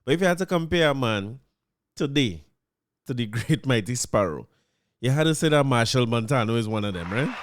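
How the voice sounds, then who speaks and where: A man's voice: mid-range voice, lively intonation, normal speed. A man with a Trinidadian accent hosting a podcast in a loose, conversational way, often repeating words as he finds his phrasing. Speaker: podcast host. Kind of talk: casual commentary.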